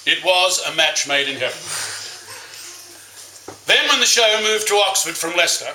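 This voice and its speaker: A man's voice: a little high, expressive, normal speed, pushed and bright, slight background noise. A man giving a best man's speech, telling fond stories with wry jokes. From Australia. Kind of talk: wedding speech. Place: wedding reception room. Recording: echoey reception room.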